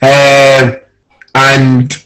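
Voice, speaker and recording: A Scottish man, a former football coach, chatting casually as a pundit and telling animated stories with plenty of swearing. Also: medium pitch, extremely slow, poor audio. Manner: animated storyteller, acts out quoted arguments, swears.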